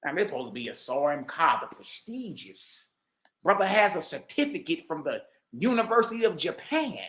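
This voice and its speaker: A man giving heated, mocking reaction commentary, repeating himself and bursting into shouts. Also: fairly high pitch, very animated, moderate pace. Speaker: online commentator. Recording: roomy echo.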